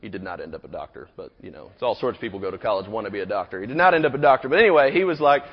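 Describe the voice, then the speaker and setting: A man's voice: mid-range voice, expressive, rapid-fire, few pauses. A man in his thirties preaching a sermon, telling a personal story in a rambling, casual way full of "you know" asides. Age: 30s. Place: auditorium. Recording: echoey hall, dull recording.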